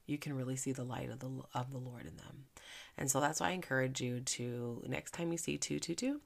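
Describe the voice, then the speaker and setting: A woman with a very deep, gravelly voice hosts a devotional podcast in an easy, conversational way. She is from Philadelphia and sounds earnest. She drops to a soft hush when she turns to prayer. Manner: chatty and earnest, with soft hushed stretches during prayer. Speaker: faith podcast host and minister. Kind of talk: casual devotional podcast talk.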